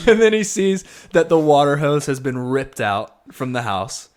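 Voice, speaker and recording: A man's voice: a little high, moderate pace, few pauses, slight background noise. Casual man telling a story on a podcast. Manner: animated storyteller acting out quotes. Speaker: podcast co-host.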